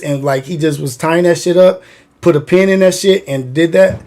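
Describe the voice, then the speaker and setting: A man with a somewhat high voice tells a story on his livestream. He rambles and swears freely, and a "like" turns up in almost every sentence. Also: normal speed, a little mellow. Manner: rambling, profane, heavy use of "like". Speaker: livestream host.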